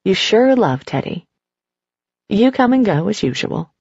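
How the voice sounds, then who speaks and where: Casting: woman narrator, husky and gravelly, measured second-person telling, dull dry recording. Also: mid-range voice, very animated, a little mellow, no echo. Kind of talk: scripted story narration.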